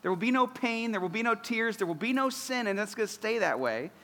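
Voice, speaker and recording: A man's voice: sits high, expressive, brisk, a bit bright, long reverb tail. A man in his thirties preaching a sermon as a pastor, earnest and building to emphatic declarations.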